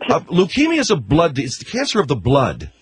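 Man, radio host, skeptical, questioning, interrupts, lively pitch, slightly high voice. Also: fairly quick, husky. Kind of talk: call-in radio show.

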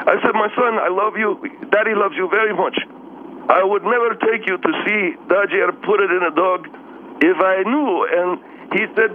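A man with a very high voice calls in over a thin, tinny phone line. He rambles through a story in broken, halting English, stumbling and getting worked up. Faint hiss sits under the call. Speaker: caller. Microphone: telephone.

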